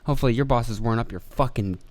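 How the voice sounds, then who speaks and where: A man, probably in his thirties, hosting a podcast and ranting casually in a profane, exasperated way, while telling animated stories. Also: mid-range voice, quick pace. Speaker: podcast host. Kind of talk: casual solo rant.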